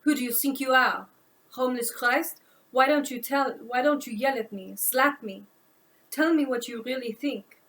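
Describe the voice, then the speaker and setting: A woman voicing a rude, spiteful French woman with a put-on French accent and a raspy, loud, taunting delivery in a self-read audiobook. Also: sits high, normal speed, pitched above the performer's own voice, low-quality recording. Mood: scornful. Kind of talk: audiobook narration.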